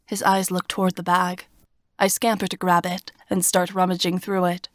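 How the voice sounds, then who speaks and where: A woman reading a first-person fantasy audiobook in a steady, expressive storytelling voice, recorded on a close studio mic. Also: medium pitch, a little slow, no echo. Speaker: audiobook narrator.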